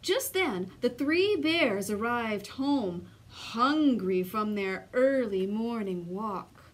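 Slow, lively-voiced woman reading a storybook. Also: on the high side. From Canada. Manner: slow, sing-song and expressive. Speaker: children's storyteller.

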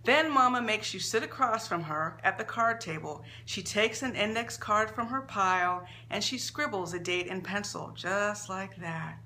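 A woman author reading her own short story aloud in an expressive, measured storytelling manner. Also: medium pitch, a little hiss or hum.

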